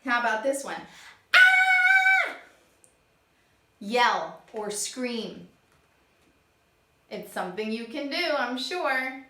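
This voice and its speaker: A woman teaching young children, acting out each word she explains in a slow, animated way. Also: a little high. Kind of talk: children's lesson. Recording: echoey room.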